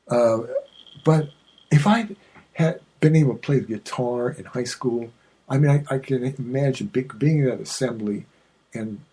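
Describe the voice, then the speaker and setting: A man's voice: mid-range voice, gravelly, mellow, breathy edge. A man hosting his own podcast, chatting in a digressive, self-mocking way with many fillers and restarts. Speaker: podcast host. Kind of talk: rambling solo podcast chat.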